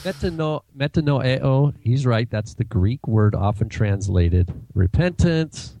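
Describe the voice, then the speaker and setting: A man's voice: mid-range voice, expressive, slow, dark tone, a little hiss or hum. A man co-hosting a casual religious discussion, giving brief replies and explaining terms. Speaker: co-host.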